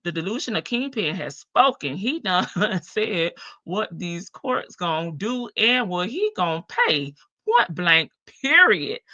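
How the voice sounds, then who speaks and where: A woman's voice: on the low side, pushed and bright, no echo, highs cut off. A woman hosting a live stream, giving sassy casual commentary on jail calls and answering chat. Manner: sassy, talks back to chat, laughs often.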